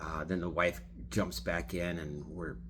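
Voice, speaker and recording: A man who drives for a ride app telling a story in a rambling, casual way, often clearing his throat. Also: deep voice, flat delivery, unhurried, noisy background. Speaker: rideshare driver.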